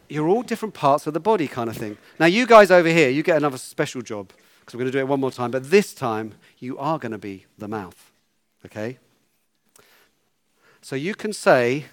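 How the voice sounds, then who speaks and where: A man's voice: mid-range voice, a bit bright, no echo. A man leading a children's talk in church, playful and coaxing, giving instructions.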